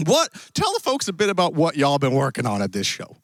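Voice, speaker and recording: A man hamming it up as a lively cowboy host. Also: fairly high pitch, fairly quick, no room sound. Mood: playful. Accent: put-on Western cowboy drawl. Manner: playful, jokey, theatrical. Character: hammy Old West cowboy host, playful and theatrical. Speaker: event host. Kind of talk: live stream hosting in character. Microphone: handheld stick mic.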